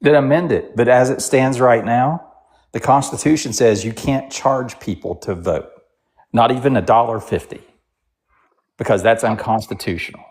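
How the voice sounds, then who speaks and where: A man's voice: mid-range voice, normal speed, darkish tone. A man with a mid-range voice takes part in a casual political debate. He argues insistently and repeats his points like a patient lecturer. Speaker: debate guest.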